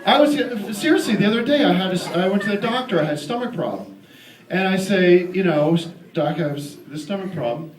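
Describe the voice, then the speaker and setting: A man's voice: sits high, expressive, brisk, a little hiss or hum. Ranting man on a distant live stage. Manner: loud indignant ranting with frequent restarts. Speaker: stand-up comedian. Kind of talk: character stand-up, ranting conservative persona. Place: live comedy venue. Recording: echoey live club recording from far off, crowd laughing.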